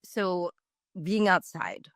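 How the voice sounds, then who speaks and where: Woman host, low voice, dry close sound, teasing and playful. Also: very animated, slow pace, creaky, fairly bright tone, dry recording. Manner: playful, teasing, asks long winding questions. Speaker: podcast host. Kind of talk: casual interview questions.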